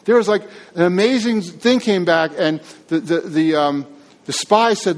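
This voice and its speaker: High-voiced earnest male pastor preaching. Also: unhurried. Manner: earnest, conversational, with frequent restarts. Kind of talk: sermon. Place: church.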